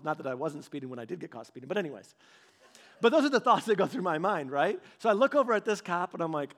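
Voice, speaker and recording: A man's voice: high-pitched, fast. A man in his thirties, a pastor, giving a casual storytelling sermon and acting out the voices of the people in his stories. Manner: animated, acts out quoted voices; conversational, with filler "like" and restarts.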